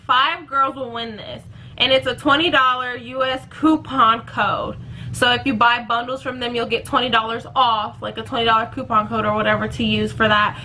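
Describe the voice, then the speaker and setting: A woman's voice: a little high, pushed and bright, a little hiss or hum, low-quality recording. A young woman chatting casually to her channel in a rambling, self-correcting way. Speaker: vlogger. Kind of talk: casual giveaway vlog.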